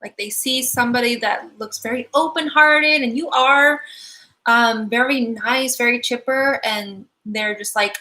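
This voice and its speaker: A woman's voice: on the high side, unhurried, bright, forceful tone. A woman giving a live-stream angel card reading, chatty and giggly, full of likes and ums.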